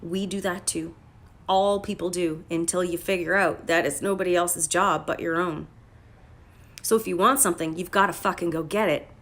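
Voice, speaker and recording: A woman's voice: on the low side, fairly even intonation, moderate pace. Blunt, profane woman coach on a livestream. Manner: blunt and profane, swings into loud emphatic bursts. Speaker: life coach. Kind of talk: casual motivational livestream talk. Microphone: phone livestream.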